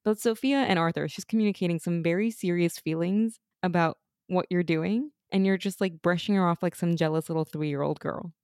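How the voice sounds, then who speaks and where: A woman co-hosting a casual podcast, animated and opinionated, full of quick asides. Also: fairly low pitch, no echo, clean studio sound. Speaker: podcast co-host. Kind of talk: casual chat.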